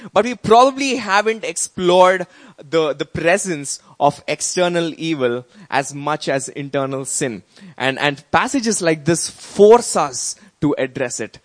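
A man preaching a sermon as pastor, earnest and conversational, with emphatic rises. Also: on the high side.

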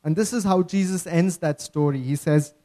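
A man's voice: a little high, normal speed, dark tone. A man preaching a sermon, earnest and emphatic, often checking in with his listeners.

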